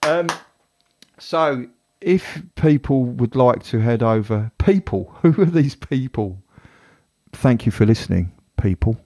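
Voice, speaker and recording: Slow-talking, giggly male podcast co-host. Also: mid-range voice, expressive, warm tone. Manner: giggly, rambling, self-mocking. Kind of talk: casual banter.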